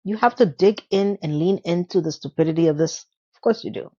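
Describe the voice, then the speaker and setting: A woman's voice: on the low side, fairly quick, dark tone, breathy edge, muffled recording. Chatty woman with sarcastic asides. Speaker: TV episode recap host. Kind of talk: casual chatty commentary.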